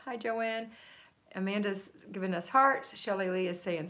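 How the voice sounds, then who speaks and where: An older woman hosting a live stream, chatting casually and reading viewer comments aloud, upbeat, laughing often and adding quick asides. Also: medium pitch, big pitch swings, a bit bright. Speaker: livestream host.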